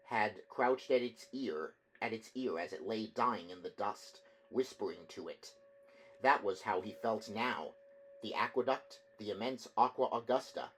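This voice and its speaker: A man's voice: fairly low pitch, slight background noise, low-quality recording. Man narrating a novel aloud. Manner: measured, with occasional slips and restarts. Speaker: audiobook reader. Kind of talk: audiobook narration.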